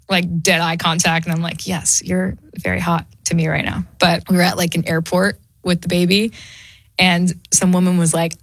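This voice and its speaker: A young woman chats as a radio guest, full of animated stories and quick put-on voices for the people in them. The studio microphone sits close and the sound is dry. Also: fairly low pitch, dry recording. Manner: animated storyteller who acts out quotes. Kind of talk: casual radio interview chat.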